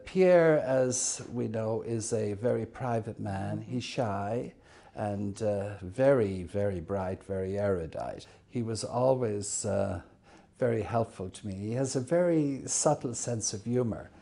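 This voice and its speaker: Low gravelly older man reminiscing. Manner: warm anecdotal, halting with fillers. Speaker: bishop. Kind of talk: reminiscing interview.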